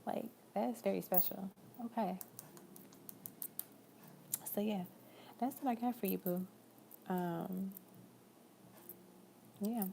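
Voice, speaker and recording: A young woman doing a casual live-stream tarot reading, talking warmly and affectionately to a viewer, calling her girl and love. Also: mid-range voice, slow, gravelly, pauses often, a little hiss or hum. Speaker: tarot reader.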